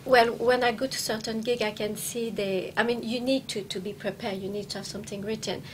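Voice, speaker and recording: A woman from France with a French accent, a stand-up comedian chatting playfully in an interview, laughing often and pausing on fillers. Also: fairly high pitch, fairly even intonation. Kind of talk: casual interview chat. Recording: noticeable background noise.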